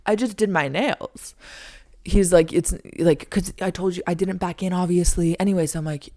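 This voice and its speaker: A young woman in her twenties hosting a podcast, telling a story in a casual, animated way with lots of "like". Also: normal speed. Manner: animated, frequent "like", acts out her own lines in a high squeaky voice. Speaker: podcast host.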